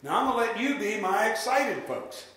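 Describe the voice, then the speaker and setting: A man giving a live sales seminar, lively and drilling the audience in call-and-response. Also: high-pitched, moderate pace. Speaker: real estate sales trainer. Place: large room with an audience. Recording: echoey hall with faint noise.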